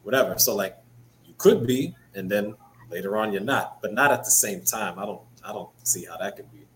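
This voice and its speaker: Low-voiced man in casual talk. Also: moderate pace, slight background noise, rough recording. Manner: relaxed, thoughtful, many "you know" fillers. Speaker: podcast co-host. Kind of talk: casual chat.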